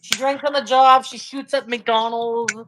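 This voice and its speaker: A woman talks loosely on a live stream from her phone, her voice sitting a bit high. She is relaxed, swears freely and lets her sentences drift off quietly. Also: unhurried, noisy background. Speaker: livestream co-host. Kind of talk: casual chat. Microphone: phone on a live video call.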